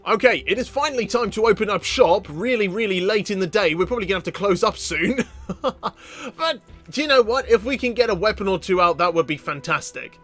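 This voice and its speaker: A young man with a high voice talks through a game, stammering often and jumping up into excited yelps. Faint game music plays underneath. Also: fairly quick. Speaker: gaming YouTuber. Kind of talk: excitable gameplay commentary.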